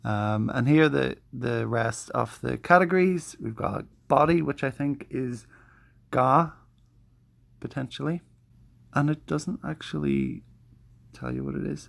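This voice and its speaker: A man's voice: mid-range voice, gravelly. A man who walks viewers through his study tools in a chatty, self-deprecating way, often restarting his sentences. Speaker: language learner showing study tools. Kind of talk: casual vlog walkthrough.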